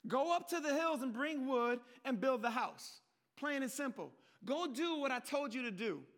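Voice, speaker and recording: A man with a very high voice preaches a sermon. He talks casually, as if in conversation, and often quotes prayers aloud. He swings between loud, emphatic peaks and low, hushed asides. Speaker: pastor.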